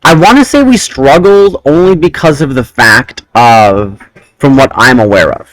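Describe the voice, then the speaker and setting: Animated man telling a long story. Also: medium pitch, measured pace, dry recording, rough recording. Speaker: host. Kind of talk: casual chat.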